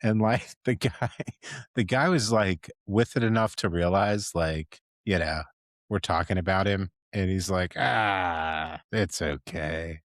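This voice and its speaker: A man with a very deep voice hosts a casual podcast chat. He jokes, swears freely and laughs often as he tells wild stories from his work calls. The recording is dry and close to the mic. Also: measured pace, no echo. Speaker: podcast host, EMT.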